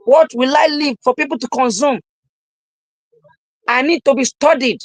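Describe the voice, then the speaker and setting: A young man delivers a live-streamed motivational talk in a dry, close voice with no room around it. He preaches emphatically, hammering the same lines again and again and now and then breaking into a shout. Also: very high voice, normal speed, dry recording, low-quality recording. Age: young adult. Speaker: motivational speaker.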